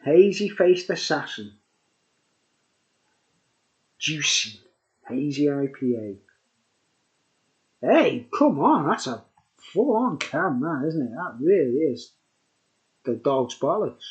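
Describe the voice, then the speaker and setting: A man's voice: a little high, big pitch swings, slow pace, long pauses, a little mellow. A tipsy man rambling through a casual beer review. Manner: rambling and chatty, full of fillers. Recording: dull lo-fi recording.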